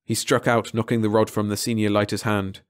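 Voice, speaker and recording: A man narrating a short science fiction story aloud in a measured way, slowing on key phrases. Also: on the low side, flat delivery, clean tone, dry recording, studio quality. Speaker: audiobook narrator.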